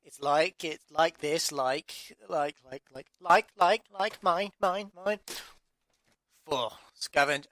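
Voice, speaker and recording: Speaking slowly in a fairly high, slightly bright voice, a man from England narrates his own story. The clip is audiobook outtakes where he keeps restarting and grumbles at himself in exasperation.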